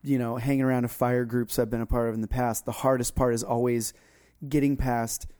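A man hosting a casual chat, asking questions in a relaxed, laid-back way. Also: medium pitch, brisk. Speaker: podcast host.

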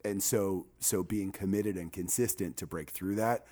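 A man's voice: deep voice, moderate pace, warm tone. A man, likely in his thirties, talking reflectively and earnestly as a men's ministry leader in a casual chat.

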